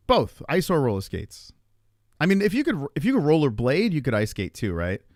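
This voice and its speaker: A man in his forties telling a long story to his stream chat in a rambling, profane, animated way. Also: medium pitch, moderate pace, no echo, clean studio sound. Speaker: live streamer.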